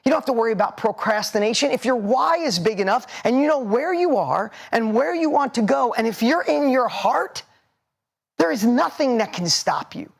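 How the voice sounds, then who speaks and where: A man's voice: very high voice, lively intonation, normal speed, vocal fry. A man in his forties giving a motivational seminar talk, punchy and emphatic, hammering points with repetition. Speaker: motivational speaker.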